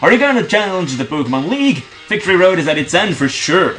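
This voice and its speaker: A man's voice: high-pitched, big pitch swings, fast, pushed and bright, soft background music, full character voice. A man reading out the lines of a boastful, taunting young male rival trainer from a video game.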